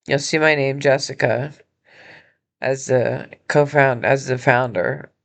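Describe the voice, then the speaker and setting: Emotional woman making a halting appeal. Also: rumbling low, steady tone, gravelly. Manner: earnest, halting, with many pauses and restarts. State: emotional and injured. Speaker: podcast host and nonprofit founder. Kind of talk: personal appeal monologue. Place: hospital room.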